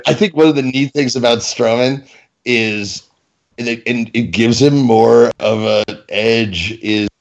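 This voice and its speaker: A man in casual chat about wrestling, profane and animated, slipping into mock-indignant banter. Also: mid-range voice, measured pace, gravelly, lo-fi sound.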